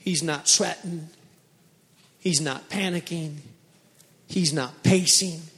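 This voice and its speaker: A pastor with a fairly high, fairly bright voice preaches slowly in a large, echoing room. He tells Bible stories dramatically, acting out panicked voices, and puts direct questions to the congregation.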